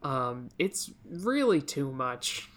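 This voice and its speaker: Low-voiced sarcastic young woman. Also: very animated, slow pace. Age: 20s. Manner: sarcastic, swears, many filler likes. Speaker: podcast co-host. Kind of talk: casual podcast chat.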